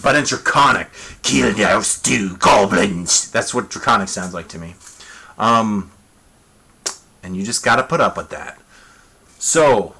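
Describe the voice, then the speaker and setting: A man's voice: lowish voice, pushed and bright, a little hiss or hum. A man game-mastering a tabletop battle on a live stream, thinking aloud, rolling dice and making rulings as he goes, in a casual, self-amused way.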